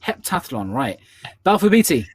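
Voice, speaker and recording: A man with a Scottish accent hosting an online quiz in a chatty way, repeating each question slowly. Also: mid-range voice, sing-song, breathy edge. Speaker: quiz host.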